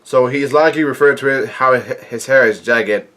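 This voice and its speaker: A man hosting his own reaction video, reading comic panels aloud and adding asides. His voice sits at an ordinary middle pitch. He stumbles and restarts words often as he goes. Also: a bit bright. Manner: halting, frequent restarts and fillers.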